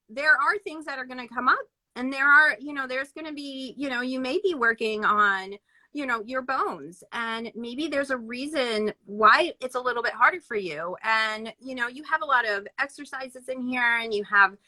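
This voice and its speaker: A woman's voice: sits high, pushed and bright, no echo, low-quality recording. A woman interviewing a guest, stuffy from allergies, enthusiastic and full of praise. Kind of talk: casual interview chat.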